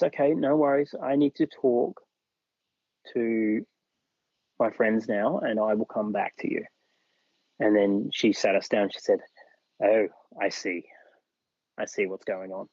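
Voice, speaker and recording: Husky Australian man telling a story. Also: medium pitch, a little mellow, dry recording, muffled recording. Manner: acts out other people's lines while recounting. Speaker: podcast guest. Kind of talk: personal storytelling in a podcast interview.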